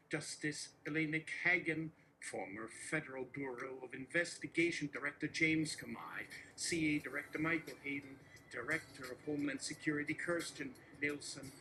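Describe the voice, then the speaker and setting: A man reading a satirical political speech aloud in a deadpan way, listing names and policies one after another. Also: fairly high pitch, noisy background. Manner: steady listing delivery. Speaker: host reading a mock speech.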